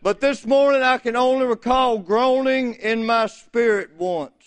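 Preacher guy, real high smooth voice, folksy and fired up, church sermon. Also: a little slow. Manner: folksy, fervent, builds to shouting. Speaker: visiting preacher.

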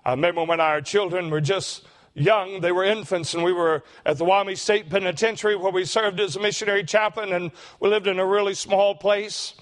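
An older man, preaching a sermon and telling a heartfelt story, slowing down for emphasis. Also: high-pitched, steady tone. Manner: emotional, slows for emphasis.

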